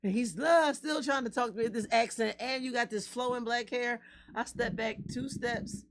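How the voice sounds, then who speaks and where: A woman from North Philadelphia, a podcast co-host telling a story in casual, profane, animated talk. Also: fairly high pitch, normal speed.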